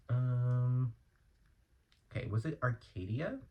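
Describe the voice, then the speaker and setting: Speaking into an earphone mic, this podcast host from Los Angeles carries his solo show alone, wandering from topic to topic with plenty of slang. Irritations set off loud, exasperated outbursts, and the audio of his mid-range voice sounds dull.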